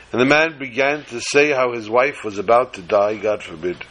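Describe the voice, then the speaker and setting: A man telling a religious story to listeners in a measured, dramatic way. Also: medium pitch, a bit bright, a little hiss or hum, poor audio.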